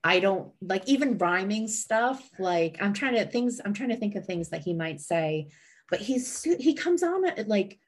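Young female co-host, chatty and giggly, rambling delivery, average pitch. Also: big pitch swings, normal speed. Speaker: podcast co-host. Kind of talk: casual chat.

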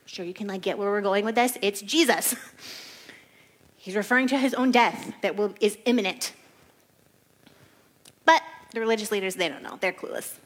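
A woman giving a casual Bible study, chatty and animated, often laughing and saying "like". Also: medium pitch, normal speed, long pauses. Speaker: Bible teacher.

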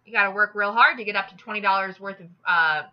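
A woman hosting a podcast, telling jokes in an animated, chatty way. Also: medium pitch, fast, dull audio. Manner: animated, jokey storyteller with fillers. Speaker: podcast host. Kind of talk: casual joke-telling chat.

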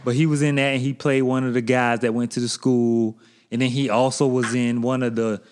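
A man co-hosting a podcast, chatting casually with animated, laughing emphasis. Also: mid-range voice, a little fast, slight background noise. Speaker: podcast co-host. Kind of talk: casual chat.

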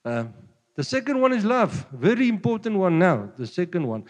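A man with a South African Afrikaans accent preaching a sermon, jovial and quick to chuckle between points. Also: high-pitched, big pitch swings, big-room sound. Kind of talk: sermon mixing Afrikaans and English.

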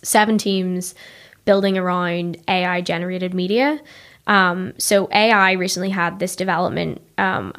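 A woman in her twenties with a Northern Irish accent, a podcast guest explaining things in long, articulate runs of casual chat. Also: fairly low pitch. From Northern Ireland. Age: 20s. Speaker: podcast guest, tech investor.

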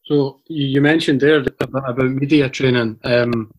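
A male interviewer in a casual conversation. He speaks at a mid pitch in a very flat, even tone. He pauses and restarts as he works his way through each question. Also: poor audio.

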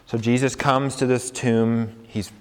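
A man's voice: medium pitch, flat delivery, measured pace, clear, resonant tone. A man preaching a sermon as pastor, earnest and conversational. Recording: long hall reverb.

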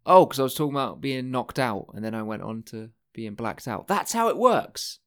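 A male podcast host talking on his own in a loose, rambling way. He swears freely and cuts himself off mid-thought, with his voice sitting at a middling pitch. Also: sing-song, normal speed, clear, resonant tone. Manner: rambling, profane, self-interrupting. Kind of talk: casual solo podcast monologue.

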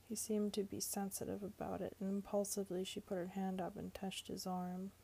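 Husky, gravelly woman reading a story. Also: medium pitch, level tone, normal speed, few pauses, dark tone. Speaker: audiobook narrator.

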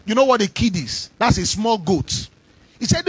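A man preaching a sermon, shouting in a sing-song cadence and calling on the congregation to respond. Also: high voice, lively intonation, normal speed, a little hiss or hum.

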